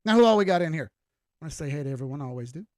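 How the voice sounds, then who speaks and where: Emphatic higher-voiced man hosting a stream. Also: expressive, racing, a little mellow, dry recording, clean studio sound. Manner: emphatic, preachy and blunt, with casual swearing. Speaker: crypto trading livestream host. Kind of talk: casual livestream pep talk.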